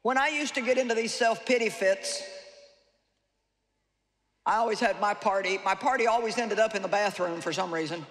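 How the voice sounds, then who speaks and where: A woman preacher giving a lively, humorous sermon to a live audience, reading scripture and acting out the people she talks about. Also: medium pitch, normal speed, pauses often. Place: large hall with a live audience. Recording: echoey hall, faint ambience.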